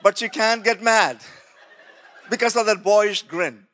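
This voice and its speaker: A man's voice: high-pitched, measured pace, a bit bright. Storytelling male preacher. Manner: storytelling, acting out quoted voices with laughs. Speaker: pastor. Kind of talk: sermon testimony.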